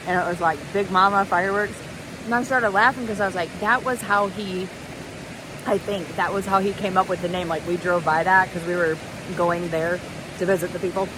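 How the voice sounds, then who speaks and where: A woman, chatting to the camera about her hike in a giggly, storytelling way. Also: mid-range voice. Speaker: thru-hiker vlogger. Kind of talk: casual vlog talk to camera. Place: outdoors by a waterfall and creek. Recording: noisy outdoor recording.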